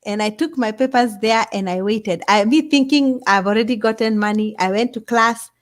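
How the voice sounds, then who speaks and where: A middle-aged woman, telling a story as an interview guest in an animated way. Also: fairly high pitch, normal speed. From Kenya. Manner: animated, acts out others' voices. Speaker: guest scientist.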